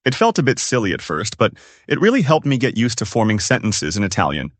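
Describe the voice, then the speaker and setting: A man's voice: lowish voice, wildly swooping pitch, fast talker, no room sound. A man co-hosting a scripted English-learning podcast, speaking in an upbeat, explanatory way. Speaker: podcast co-host.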